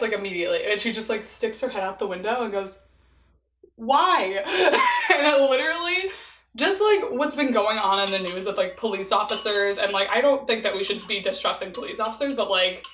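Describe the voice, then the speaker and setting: A woman's voice: mid-range voice, animated, fairly quick, a bit bright, reverberant, slight background noise, low-quality recording. A young woman telling a story in a casual vlog while eating, chatty and laughing often, leaning on "like" as filler. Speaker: vlogger.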